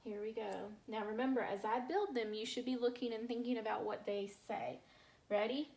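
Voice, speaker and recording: A woman teacher, slowly sounding out word parts in a phonics lesson for young children and praising them. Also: a little high, steady tone, a little mellow, slight background noise. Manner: slow, clear sounding-out of word parts, encouraging.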